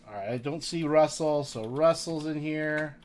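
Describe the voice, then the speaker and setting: A man's voice: a little high, normal speed. A man hosting a casual card-break livestream, chatting with viewers and reading their names aloud.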